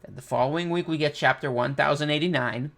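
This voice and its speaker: A man hosting a casual comic reaction, reading panels aloud and thinking out loud with excitement. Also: a little high, fast talker, gravelly. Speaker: manga reaction host.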